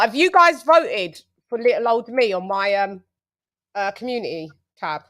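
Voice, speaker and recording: A woman's voice: medium pitch, lively intonation, normal speed, fairly bright tone. Playful woman hosting a livestream. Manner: playful, sing-song hype introductions. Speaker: host. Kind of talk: casual livestream chat.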